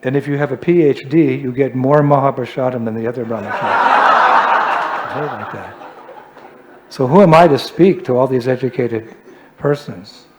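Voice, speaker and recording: A male swami giving a humorous, self-deprecating storytelling sermon in an animated way. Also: mid-range voice, moderate pace, pauses often. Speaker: swami, preacher.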